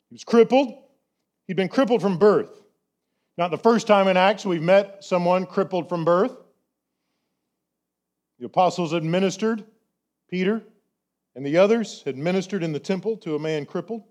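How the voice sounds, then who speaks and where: A pastor preaching a sermon, chatty and full of rhetorical questions, slowing down to stress key words. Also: male voice, sits high, a little mellow.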